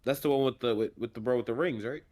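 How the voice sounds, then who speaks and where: A man co-hosting a podcast in casual chat, relaxed and slangy, laughing as he argues. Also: medium pitch, quick pace. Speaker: podcast co-host.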